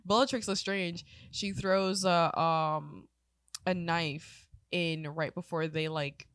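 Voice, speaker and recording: A woman's voice: on the low side, fairly even intonation, slow, fairly bright tone, clear, resonant tone, no echo. A woman in her twenties co-hosting a casual podcast, rambling and swearing as she gets teary. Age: 20s. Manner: rambling, emotional, swears freely, tearful. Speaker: podcast co-host. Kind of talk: casual chat.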